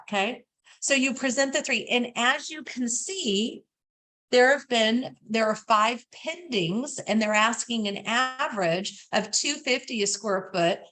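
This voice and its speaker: A woman's voice: fairly high pitch, a bit bright. A woman teaching a real estate sales class, acting out lines to say to clients and checking in with the class. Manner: coaching, acts out client scripts, asks class questions. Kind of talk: class lecture with role-played scripts.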